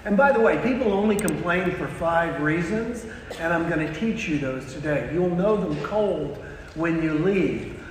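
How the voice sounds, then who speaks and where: High-voiced man speaking slowly in an echoey hall. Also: expressive, recorded from a distance, slight background noise. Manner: storytelling with punchy pauses, quizzes the crowd. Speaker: motivational speaker. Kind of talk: keynote talk to a live audience. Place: large hall with an audience. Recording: echoey hall, long reverb, faint ambience.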